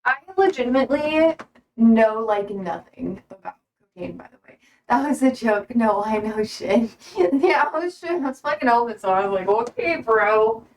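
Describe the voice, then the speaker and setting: Young woman streamer, high voice, unhurried, a little off-mic; casual and chatty. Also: lively intonation, a little mellow, recorded from a distance, rough recording. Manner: chatty, laughs often, coos at her dog. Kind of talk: casual live-stream chat. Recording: voice from away from the mic.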